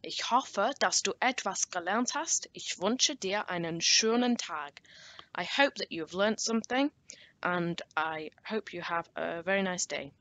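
A young woman teaching a recorded language lesson, patient and slowing down to spell and model each word. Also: lowish voice, lively intonation, fairly bright tone. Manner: patient, slows down to model words.

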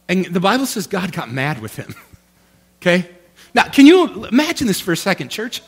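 A male pastor preaching a sermon in an animated, conversational way, often checking in with his listeners. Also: sits high, moderate pace, vocal fry, breathy edge.

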